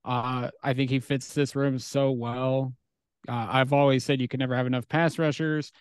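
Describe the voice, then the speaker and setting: A man's voice: medium pitch, little pitch movement, normal speed, smooth, dry recording, clean studio sound. A man co-hosting a podcast, breaking down sports with eager enthusiasm. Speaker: podcast co-host. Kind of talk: casual sports chat.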